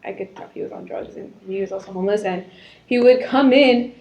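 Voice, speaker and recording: A woman's voice: medium pitch, brisk, dull audio. A young woman co-hosting a casual podcast chat, telling stories from her teenage job with lots of laughter and acted-out quotes. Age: young adult. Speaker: podcast co-host.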